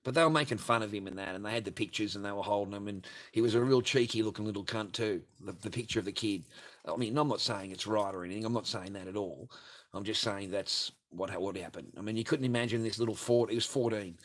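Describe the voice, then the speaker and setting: On his livestream, a man with a lowish voice reads out viewer superchats at a quick pace, laughing and ranting crudely in a casual way.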